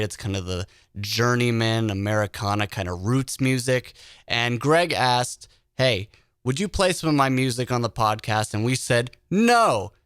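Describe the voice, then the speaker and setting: A man hosting a podcast, telling an animated story in a casual chat. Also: mid-range voice, clean tone, no echo, studio quality. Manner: animated storyteller who acts out quoted voices. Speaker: podcast host.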